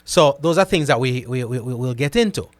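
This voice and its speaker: A man hosting a casual live stream. He reads out viewer comments and answers them in an animated way, often repeating himself and checking in with "right?". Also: medium pitch, a little fast, no echo. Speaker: host reading live chat comments.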